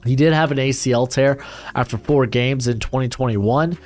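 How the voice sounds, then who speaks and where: Young man, casual draft analyst, rambling with fillers and blunt asides, mid pitch, faint music bed. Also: normal speed, a little mellow.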